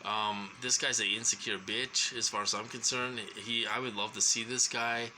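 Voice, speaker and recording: A man talks through a long, rambling personal account, stopping often with ums and starting sentences over. His voice is very bright and sharp, with a faint hiss of noise behind it. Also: mid-range voice, steady tone, low-quality recording. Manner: halting, full of ums and restarts. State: short of breath at times.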